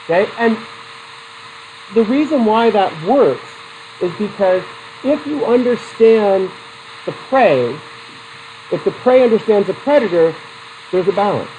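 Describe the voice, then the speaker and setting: Animated male psychology teacher lecturing. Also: sits high, a little slow, long pauses, a little hiss or hum, rough recording. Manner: animated, talks to students with questions and anecdotes. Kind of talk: classroom lecture.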